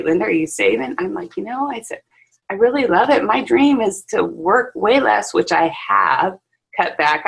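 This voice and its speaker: A chatty salon owner talks over a video call, with a low, gravelly voice and a husky edge. She tells her stories in a lively way, full of "you know" and "um". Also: low-quality recording. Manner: chatty, animated storytelling with fillers. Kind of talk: casual chat on a video call.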